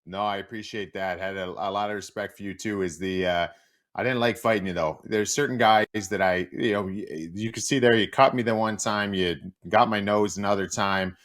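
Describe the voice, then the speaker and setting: A middle-aged man, a former player turned hockey analyst, telling stories as a guest in a casual interview. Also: brisk. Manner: animated, acts out quotes with big pitch jumps.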